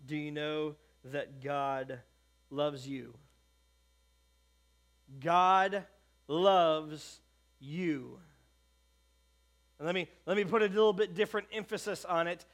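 A man preaching a Sunday sermon, leaning on key words with slow, emphatic stresses and dropping into a quiet, hushed tone when he prays. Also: on the high side, fairly even intonation. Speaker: pastor.

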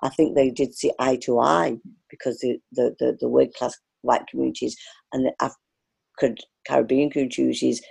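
Scouse lady artist rambling thru memories, real gravelly, husky and mellow. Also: extremely low pitch, fairly even intonation, normal speed, poor audio. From Liverpool area, England. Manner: rambling, many fillers and restarts. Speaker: artist guest. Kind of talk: casual reminiscing interview.

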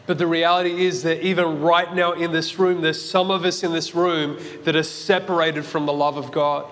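An Australian man in his thirties preaches from a church stage. His voice sits slightly high for a man, and he tells his story vividly, voicing his own shouts and thoughts. The sound carries a long reverb from the hall. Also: flat delivery, normal speed. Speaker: pastor. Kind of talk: sermon with personal story. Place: church auditorium.

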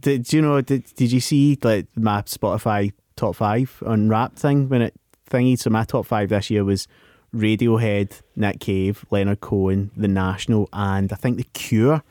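A man's voice: lowish voice, fairly even intonation, moderate pace, darkish tone, dry recording, studio quality. A young man co-hosting a podcast, musing in a self-deprecating, casual way. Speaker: podcast co-host. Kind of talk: casual chat.

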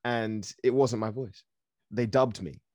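A man from Africa, an actor guest, telling stories in a lively, casual way, laughing often and swearing now and then. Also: mid-range voice, unhurried, no echo, highs cut off. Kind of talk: casual storytelling.

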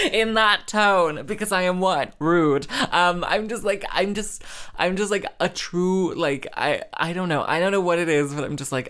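A man's voice: high-pitched, unhurried, a bit bright. A man hosting a solo podcast, telling stories in a rambling, self-mocking way, full of fillers and dramatic asides. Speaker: podcast host. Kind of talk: solo casual storytelling chat.

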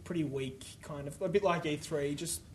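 A man co-hosting a casual podcast chat about games, opinionated and animated, often stumbling over his words. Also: fairly high pitch, moderate pace, a little hiss or hum. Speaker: podcast co-host back from a games trade show.

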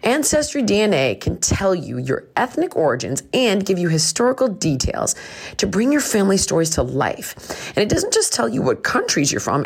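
A woman's voice: on the low side, breathy edge. A woman hosting a podcast, reading a sponsor ad in an upbeat way, speaking straight to her listeners. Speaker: podcast host. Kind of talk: ad read.

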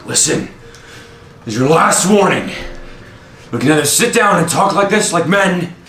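Gruff tavern brawler, as a man puts him on. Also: a little high, lively intonation, normal speed, pushed and bright, echoey room. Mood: stern. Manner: stern warning.

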